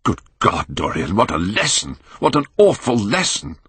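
A man's voice: lowish voice, wildly swooping pitch, moderate pace, fairly bright tone, slightly rough, no echo, full character voice. A man reading an anguished middle-aged male painter in an audiobook, pleading and aghast, rising to cries.

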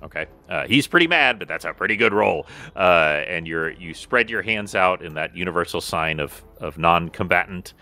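A man narrating a tabletop game as game master, relaxed and full of fillers and restarts. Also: deep voice, moderate pace, hardly any pauses.

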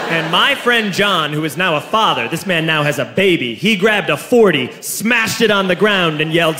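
A man in his thirties telling a stand-up story to a live audience, animated and bursting into fast excited stretches. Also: a little high, background noise. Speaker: stand-up comedian. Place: comedy stage before a live audience. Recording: echoey live stage recording with laughing crowd.

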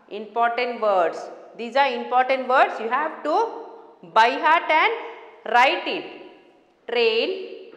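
A high, lively woman teacher's voice, slowly and patiently walking young children through a reading lesson. She repeats lines and keeps asking the class questions. A long echo fills the room around her. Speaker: primary school teacher. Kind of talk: first-grade English lesson. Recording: echoey reverberant room.

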